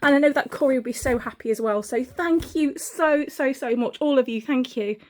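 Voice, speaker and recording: A high-pitched woman talks to her viewers in a casual home vlog. She gushes with excitement, laughs a lot and lets the odd swear slip. Her voice sits up high and bright in tone. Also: brisk. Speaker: home and garden vlogger. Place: home hallway and garden.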